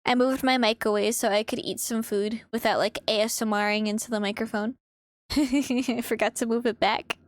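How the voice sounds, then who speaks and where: A young woman streamer chatting casually while she draws, animated and swearing freely, laughing often. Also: a little high, normal speed, dry recording, clean studio sound. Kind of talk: casual chat while drawing. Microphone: desk microphone.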